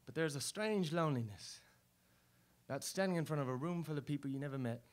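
A man's voice: a little high, animated, normal speed, a bit bright. A man voicing a chatty male lizard mascot, in a rambling, self-mocking spoken word performance on a club stage. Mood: wistful. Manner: breezy, rambling, self-mocking, full of fillers. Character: chatty male lizard mascot, showbiz-proud, secretly lonely. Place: live stage at a poetry club.

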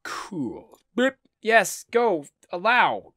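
A man hosting a gaming channel, giving excitable, goofy let's-play commentary full of exclamations and silly noises. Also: high-pitched, unhurried, no room sound, studio quality.

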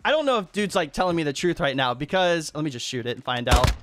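A high-voiced man commentating his gameplay, his pitch leaping all over as he chats and reacts. Loud game noise runs under his voice. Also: quick pace. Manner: excitable, chatty, talks to the other players. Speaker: gaming channel host. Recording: voice over noisy game audio.

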